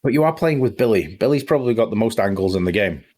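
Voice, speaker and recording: A man's voice: on the low side, expressive, quick pace, darkish tone. A young man co-commentating a game in a chatty, jokey way. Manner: jokey, chatty, laughs often. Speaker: esports co-caster. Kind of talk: casual commentary chat.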